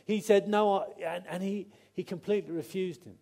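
A man's voice: high-pitched, fairly even intonation, brisk, vocal fry, mellow. A man preaching a conversational sermon, often acting out quotes and restarting his sentences.

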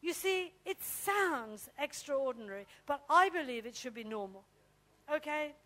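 A middle-aged pastor's wife preaches in a high, bright voice at a measured pace. She shares personal stories in a lively, anecdotal style, often turning to address the congregation directly.

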